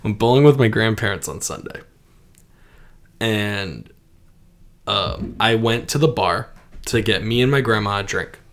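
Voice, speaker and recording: Young dude rambling through a story on a podcast, laughs a lot, says like and dude constantly. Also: male voice, fairly low pitch, measured pace, pauses often. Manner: animated, laughs often, lots of "like" and "dude". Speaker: podcast co-host. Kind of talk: casual storytelling.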